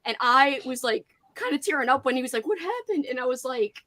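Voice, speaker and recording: A woman hosting a casual livestream chat, telling an animated story with "like" in nearly every sentence. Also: sits high, brisk. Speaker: host.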